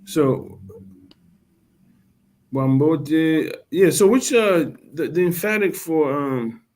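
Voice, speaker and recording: A man learning a language, trying words out haltingly and asking questions. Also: on the high side, lively intonation, a little mellow. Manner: hesitant, halting attempts and questions. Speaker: language student. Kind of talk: online language lesson.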